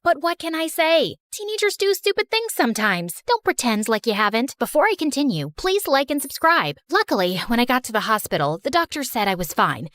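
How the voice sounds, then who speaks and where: A woman narrating a first-person animated story in a chatty, wry way. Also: a little high, dry recording, clean studio sound.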